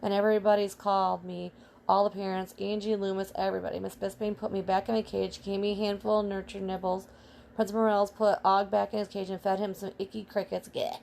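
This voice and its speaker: Woman narrator, children's audiobook, steady flat delivery, slightly gravelly. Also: medium pitch, fairly quick, a little hiss or hum.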